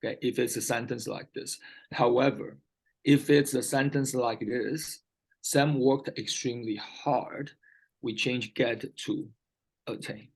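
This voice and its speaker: Guy tutoring english one on one, a bit husky, patient, keeps asking "understand?". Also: mid-range voice, steady tone, measured pace, low-quality recording. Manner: patient, repeats key words, checks understanding often. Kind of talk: one-on-one vocabulary lesson.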